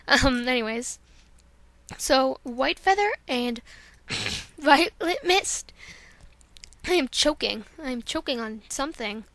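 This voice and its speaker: Young woman, high voice, rambling, self-deprecating, home mic. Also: lively intonation, slow pace, pauses often, fairly bright tone, no echo. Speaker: amateur voice actor. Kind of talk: casual vlog chat.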